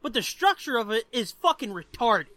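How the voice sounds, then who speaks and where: A man's voice: extremely high pitch, very animated, moderate pace, pushed and bright, no room sound. A man co-hosting a podcast who rants about a comic book in emphatic, profane casual chat. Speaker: podcast co-host.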